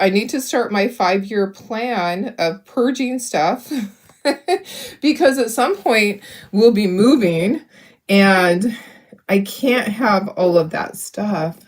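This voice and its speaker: A middle-aged woman hosting a craft video, chatting casually and rambling as she paints, laughing often and talking to her viewers. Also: mid-range voice. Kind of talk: casual chat while painting.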